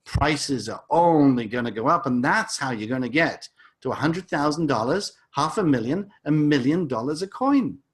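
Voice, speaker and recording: A man's voice: fairly high pitch, animated, normal speed. A man teaching a crypto lesson over a chart, enthusiastic and salesy, with frequent repeated words and asides. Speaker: crypto educator.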